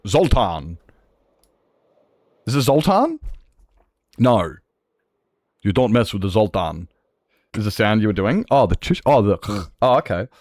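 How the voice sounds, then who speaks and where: A man's voice: lowish voice, no echo. Aussie guy streaming, rambly and swears a lot, voice jumps all over, dead dry sound. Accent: Australian. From Australia. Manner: animated, rambling, swears freely. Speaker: Minecraft streamer. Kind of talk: casual livestream chat.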